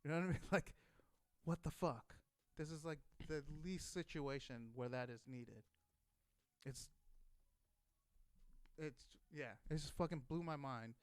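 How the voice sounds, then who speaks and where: Man in his thirties, casual profane storyteller, a bit high-pitched, smooth voice, dry close mic. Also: unhurried, long pauses, no echo. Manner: swears constantly, acts out shouted quotes. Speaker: storyteller, former Marine.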